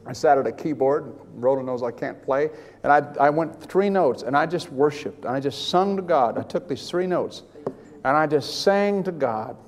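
An older man preaching, telling a personal story in a rambling, animated way with many restarts. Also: on the high side, moderate pace, big-room sound. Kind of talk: sermon testimony.

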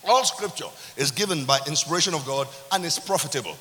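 A man with a Nigerian accent preaching a sermon as pastor, animated, with call-and-response and laughter. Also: fairly high pitch, fast. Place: church hall. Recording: reverberant church hall with hiss.

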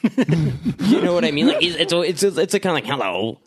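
A man chatting casually about a film, swearing freely and acting out lines in gruff put-on voices. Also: sits high, sing-song, normal speed. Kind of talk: casual movie review chat.

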